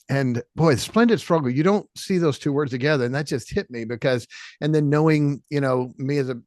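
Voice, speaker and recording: A man's voice: mid-range voice, brisk. A middle-aged pastor hosts a podcast interview in a mid-range male voice. He tells stories earnestly and leans hard on key words, and his voice comes across close and dry with no room echo. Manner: earnest, emphatic. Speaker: host and pastor. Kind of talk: podcast interview, preacher's storytelling.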